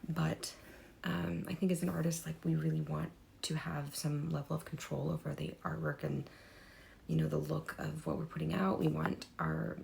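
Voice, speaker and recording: Hoarse, gravelly woman vlogging. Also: low voice, little pitch movement, normal speed, a little mellow, a little hiss or hum. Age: young adult. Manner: rambling, frequent fillers, drops into whispers. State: losing her voice, hoarse. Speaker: artist vlogger. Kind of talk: unscripted talk to camera.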